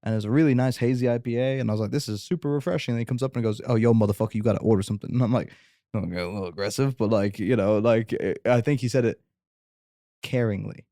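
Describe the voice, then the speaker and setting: A man's voice: medium pitch, racing, warm tone, dry recording, clean studio sound. A young Irish man telling a rambling story in casual chat, laid-back and swearing freely. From Ireland. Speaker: guest host.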